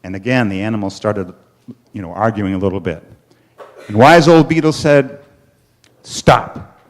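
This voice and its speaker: A man telling a children's story at a worship service, animated, with dramatic pauses. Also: on the low side.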